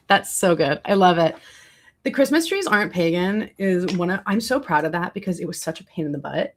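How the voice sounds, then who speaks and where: A woman's voice: lowish voice, expressive, fairly quick. A young woman chatting on her livestream in a rambling, casual way, reading and answering her chat as she goes. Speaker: livestreaming content creator.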